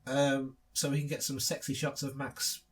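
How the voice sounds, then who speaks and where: A man's voice: mid-range voice, monotone, moderate pace, slightly rough. A man co-hosting a casual film commentary, trading sarcastic jokes and laughing often. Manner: sarcastic, joking riffs with frequent laughter. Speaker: co-host.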